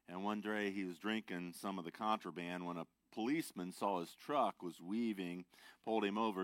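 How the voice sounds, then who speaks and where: A man leads a casual Bible study in a low voice, reading scripture aloud and stopping to correct himself. He sounds a little under the weather, and the recording is dry and close with no room echo. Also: moderate pace. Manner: relaxed, self-correcting, reads aloud. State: under the weather, sucking a cough drop. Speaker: Bible teacher.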